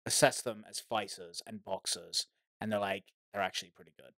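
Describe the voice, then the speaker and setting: A man from Britain co-hosting a podcast, telling stories in casual chat. He stammers and restarts his sentences often. His voice is bright and forceful, and the sound is dry. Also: fairly low pitch, steady tone, a little fast, creaky, no echo. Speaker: podcast co-host.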